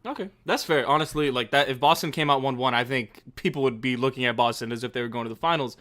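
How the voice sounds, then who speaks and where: Man, sports podcast host, upbeat, chatty, bright tone. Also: mid-range voice, fast talker. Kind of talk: casual sports talk.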